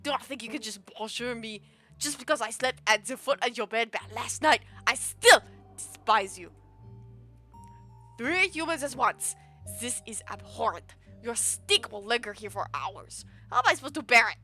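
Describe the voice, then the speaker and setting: A haughty cat with a mock French accent sneers at every human near her in this game voice, as a woman puts her on. The voice sits high and bright, and the scorn is dramatic and theatrical. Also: lively intonation, normal speed, soft background music. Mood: disdainful. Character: haughty female cat who despises humans.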